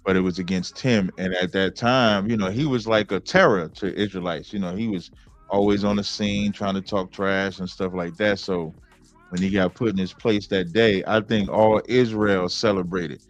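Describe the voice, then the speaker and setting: A man talking as a guest on a podcast, telling stories in a relaxed, drawn-out way. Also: sits low. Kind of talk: casual podcast interview.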